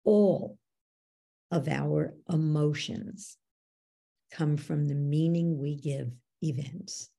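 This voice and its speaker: Woman, belief coach, husky, mellow, conversational teaching. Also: low-pitched, takes it slowly. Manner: animated storyteller, acts out quoted dialogue. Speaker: belief coach, podcast guest.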